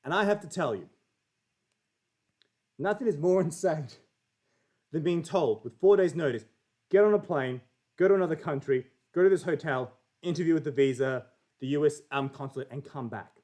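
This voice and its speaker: A man's voice: fairly high pitch, moderate pace, pauses often, a little mellow. A young Australian man in a casual, profane, jokey chat, telling a story as a livestream guest.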